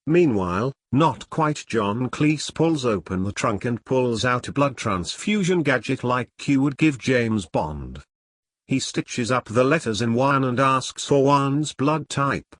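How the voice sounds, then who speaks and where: A man narrating a crude comic story in a wry, deadpan way. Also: medium pitch, unhurried, dry recording.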